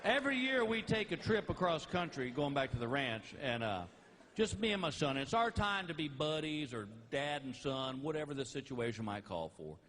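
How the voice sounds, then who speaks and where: A middle-aged man telling stand-up stories about his family in a folksy, animated way, laughing at his own jokes. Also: on the high side, moderate pace. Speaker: stand-up comedian. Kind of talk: stand-up storytelling. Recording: live comedy album with faint noise.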